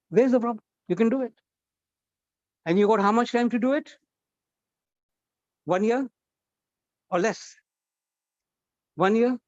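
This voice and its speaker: Coaxing high-voiced man teaching. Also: a little slow, long pauses, no echo, dull audio. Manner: coaxing, asks the class questions. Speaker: guest trainer at a college workshop. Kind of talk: interactive classroom talk.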